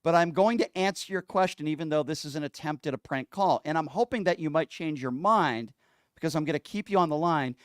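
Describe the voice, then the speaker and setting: A man's voice: on the high side, fairly quick, clean tone, no room sound, studio quality. A man hosting a call-in radio show, taking calls and arguing sarcastically with a prank caller.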